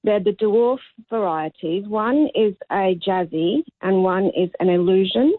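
A woman's voice: mid-range voice, unhurried, no room sound. A woman calling a radio show, chatting in detail about her plants. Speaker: caller. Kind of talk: phone-in call. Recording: tinny phone line.

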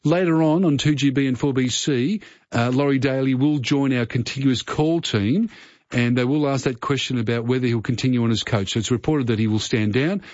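A man with an Australian accent and a mid-range, darkish voice hosts a phone-in quiz on talkback radio. Friendly and rambling, he uses fillers and restarts, and the dry broadcast sounds slightly muffled.

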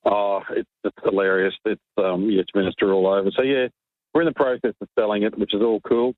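A man's voice: lowish voice, steady tone, a little fast, dry recording. A man with an Australian accent calling a talkback radio show, ranting in exasperation about red tape. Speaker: caller. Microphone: phone line. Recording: tinny phone line.

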